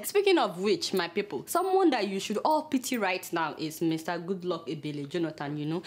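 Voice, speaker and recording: High-voiced Nigerian woman ranting comically. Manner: exclamatory, dramatic mock outrage. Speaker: satirical news host. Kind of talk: comedic news commentary.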